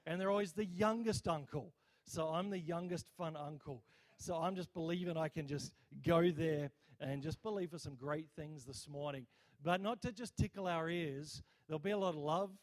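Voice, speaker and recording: A man, a visiting preacher leading a healing prayer and sermon in a church, energetically rallying the crowd for responses. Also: on the high side. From Australia. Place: church service.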